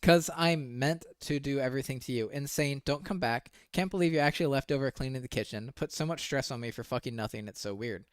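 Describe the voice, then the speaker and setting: A man streaming casual commentary, working through screenshots of messages. He reads the texts in a flat, quiet mumble, then breaks out in profane disbelief. His voice sits at a middle pitch, recorded close and dry with no room sound. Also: brisk, hardly any pauses, smooth, no room sound.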